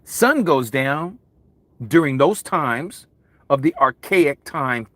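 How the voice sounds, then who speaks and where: A man preaching a Bible study sermon, loud and vigorous, with mounting intensity. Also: a little high, animated, slow, no echo. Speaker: Hebrew Roots Bible teacher. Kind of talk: impassioned livestream sermon.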